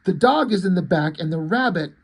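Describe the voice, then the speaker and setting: A man's voice: high-pitched, lively intonation, brisk, slightly rough. A man casually recapping a comic book page by page, rambling and swearing freely. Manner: profane, rambling, frequent fillers.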